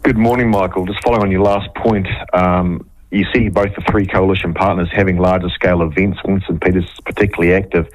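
A man's voice: deep voice, flat delivery, quick pace, dry recording, poor audio. A man calling in to talk radio, earnestly picking up the host's point. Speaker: caller.

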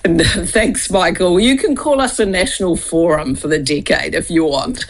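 A chief executive joins a talk radio show as a guest and answers in a friendly, brief manner. The voice sits at a middling pitch. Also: normal speed. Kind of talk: radio interview.

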